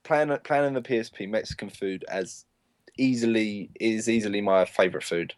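A man's voice: on the low side, normal speed, dry recording. A young man, a podcast guest, chatting easily with short replies and laughing along. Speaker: podcast guest, paintball player. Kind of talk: casual chat.

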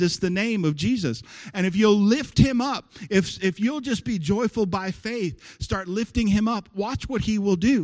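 A man preaching to his congregation in a high, bright voice. He is lively, keeps calling out to the room and waits for the answers to come back. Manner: animated preaching with call-and-response. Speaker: pastor. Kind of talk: sermon. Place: church sanctuary with congregation.

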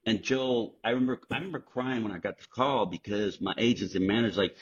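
A middle-aged man with a low, husky voice tells his stories with animated energy and plenty of swearing. The audio is slightly dull and lo-fi, like a home podcast recording. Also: quick pace, hardly any pauses. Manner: animated, profane storyteller acting out quotes. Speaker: guest actor. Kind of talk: casual interview storytelling.

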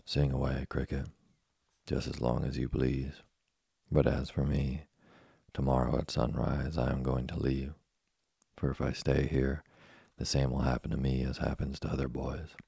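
A man with a husky, gravelly voice reading the lines of a cheeky, rebellious wooden puppet boy in an audiobook. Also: a bass voice, monotone, moderate pace, mellow, no room sound, studio quality, heavily acted. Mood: defiant. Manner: impatient and defiant.

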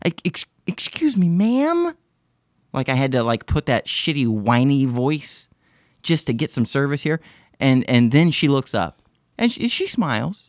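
A podcast host with a mid-range voice casually tells a rambling, profane story, full of restarts and fillers. The clean studio sound has no echo.

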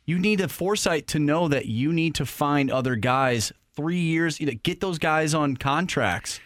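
A man's voice: fairly high pitch, expressive, moderate pace, fairly bright tone, no echo. A man co-hosting a sports talk show, pushing back with pointed questions. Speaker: sports radio co-host.

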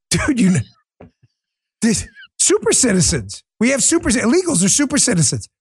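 A man hosting a commentary podcast with a high voice that swoops up and down as he talks. He is animated and jokey, and he throws in casual swearing. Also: moderate pace, slightly rough. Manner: animated, joking, profane. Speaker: podcast host. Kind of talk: political commentary show.

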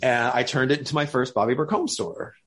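A man's voice: mid-range voice, fairly quick, breathy edge. A man, a guest entrepreneur, telling a story in an interview and acting out the people in it. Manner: lively, acts out the people in his story.

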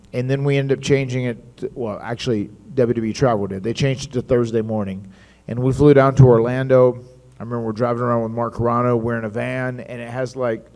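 A man telling wrestling stories at a live stage show, acting out what other people said. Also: medium pitch. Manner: animated storyteller acting out others' lines.

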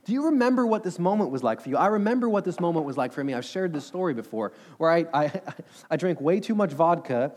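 Earnest preaching man, slightly high voice. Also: animated, fast, a little mellow. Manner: earnest, conversational preaching with rhetorical questions. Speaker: pastor. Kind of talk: sermon.

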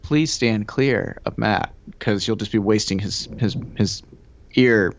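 A man's voice: fairly low pitch, slow, no room sound. A laid-back man who drifts through his sentences, repeating words as he goes and chuckling along. His voice comes through a slightly dull, lo-fi recording. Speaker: podcast co-host. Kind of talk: casual chat.

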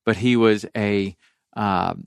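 Low-voiced middle-aged man telling stories. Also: slow pace, vocal fry, smooth, no echo, studio quality. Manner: rambling, with restarts, animated when quoting others. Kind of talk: casual storytelling chat.

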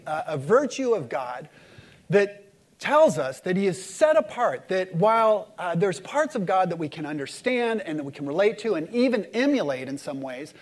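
A man preaching a sermon to a congregation, swinging from loud emphatic lines to hushed, slow ones and leading the room in call-and-response. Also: high-pitched. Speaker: pastor.

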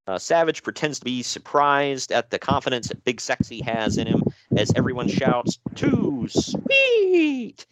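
A man's voice: on the high side, dry recording, poor audio. A man co-hosting a podcast, recapping and joking in loose casual chat. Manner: animated, jokey, loose. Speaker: podcast co-host.

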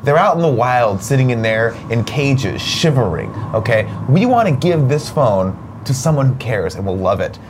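A man's voice: medium pitch, sing-song, normal speed, few pauses, background noise. A man co-hosting a casual morning show, chiming in with sarcastic, jokey asides. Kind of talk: casual chat.

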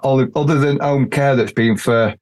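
A man's voice: mid-range voice, moderate pace, darkish tone. A man hosting a casual podcast, talking bluntly and rambling in colloquial speech. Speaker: podcast host.

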